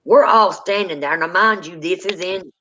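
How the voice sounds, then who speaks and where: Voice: mid-range voice, normal speed, pushed and bright, a little hiss or hum. A speaker, telling a true ghost story in casual spoken style and acting out the people in it. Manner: dramatic, acts out quoted people. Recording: dull lo-fi sound.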